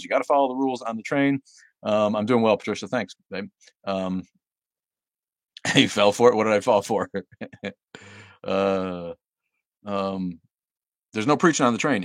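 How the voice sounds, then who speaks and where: Low-voiced, blunt livestream host. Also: male voice, no echo, studio quality. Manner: blunt and sardonic, frequent fillers and laughs. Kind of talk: casual livestream chat, reading comments aloud.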